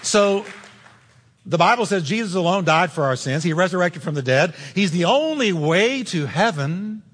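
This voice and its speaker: A man's voice: high-pitched, animated, moderate pace, fairly bright tone, some chatter behind, a little hiss or hum. A man preaching a sermon as pastor, emphatic and insistent, addressing the congregation directly. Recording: long hall reverb.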